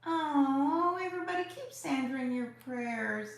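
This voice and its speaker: A woman's voice: high-pitched, expressive, measured pace. A woman hosting a live crafting tutorial, chatty and effusive as she greets viewers by name. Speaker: craft livestream host. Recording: very echoey room.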